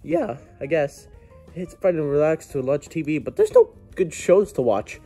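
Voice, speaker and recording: A man's voice: very animated, moderate pace, mellow, soft background music. A man doing a jumpy plush plumber toy. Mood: bored. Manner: yelps in sudden high outbursts. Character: excitable plush plumber toy, easily alarmed.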